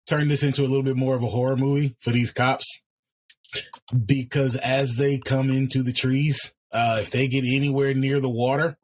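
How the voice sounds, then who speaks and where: Measured male tabletop game player. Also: mid-range voice, slight background noise. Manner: deliberate, measured, with fillers. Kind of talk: explaining his character's plan.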